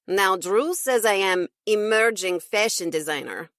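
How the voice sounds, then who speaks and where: A woman's voice: mid-range voice, lively intonation, unhurried, fairly bright tone, dry recording, clean studio sound. A woman narrator voicing a wry young female assistant with a Russian accent who drops her articles in clipped phrases. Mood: teasing.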